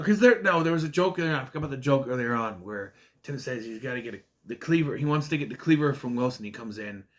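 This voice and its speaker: Rambling man recapping an old sitcom. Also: medium pitch. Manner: rambling, quotes characters in quick asides. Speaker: retro TV show reviewer. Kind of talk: casual episode recap.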